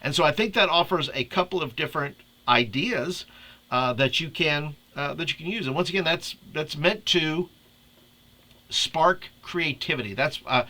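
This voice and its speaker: Casual youth-ministry leader, man, bright tone, chatty and quick to laugh. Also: fairly high pitch. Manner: chatty, laughs often, restarts a lot. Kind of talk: casual screen-share tutorial.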